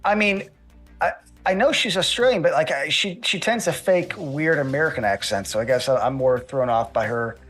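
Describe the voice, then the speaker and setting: A man's voice: a little high, normal speed, a bit bright, soft background music. A man chatting casually as a podcast guest, rambling and swearing, often restarting his sentences. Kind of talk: casual chat.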